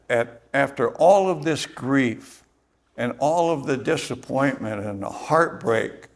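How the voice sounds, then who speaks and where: A middle-aged man preaching a sermon, retelling the story slowly and thoughtfully, with many pauses and fillers. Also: mid-range voice, vocal fry. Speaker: pastor.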